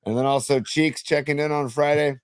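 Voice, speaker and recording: A man co-hosting a casual sports and music chat show, reading out viewer messages and talking in halting bursts with many restarts. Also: a little high, steady tone, clean tone, dry recording. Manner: halting, lots of ums and restarts. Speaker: podcast co-host.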